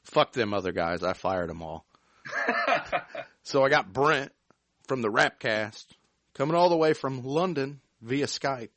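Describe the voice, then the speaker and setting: A man's voice: medium pitch, animated, unhurried, pauses often, a bit bright. A man from the United States hosting a podcast, teasing his guest in profane, laid-back talk. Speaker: podcast host. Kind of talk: casual podcast banter.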